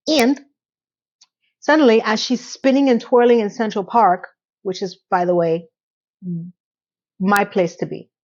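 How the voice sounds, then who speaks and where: A woman's voice: mid-range voice, darkish tone, lo-fi sound. A woman giving a casual, sassy TV recap, talking straight to the viewer in a chatty way. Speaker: recap vlogger.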